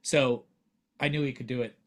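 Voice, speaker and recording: Brief: male voice actor, mid-pitched, earnest and animated in conversation. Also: moderate pace. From United States. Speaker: voiceover actor and dialect coach. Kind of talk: casual interview talk.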